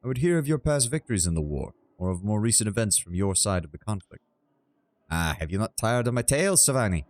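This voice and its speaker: A man putting on a hearty war herald from a fantasy game. He is proud and boastful, with a low, full voice and a grand, old-fashioned manner of proclaiming. Every line rings out like a tale told in a great hall. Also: big pitch swings, quick pace. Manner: hearty, declamatory, old-fashioned "aye" speech.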